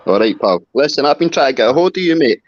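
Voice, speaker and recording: A man's voice: mid-range voice, animated, fast talker, no echo. A Scottish man calling into a live stream, agitated, swearing and repeating himself. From Scotland. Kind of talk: casual call-in chat. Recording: dull lo-fi call audio.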